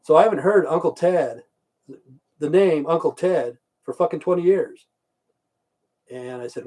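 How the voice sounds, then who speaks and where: A livestream host in his fifties unspools a long, crude story, swearing and repeating lines as he goes. His mellow, dark voice sits a little high for a man, and his pace is loose and unhurried with frequent pauses.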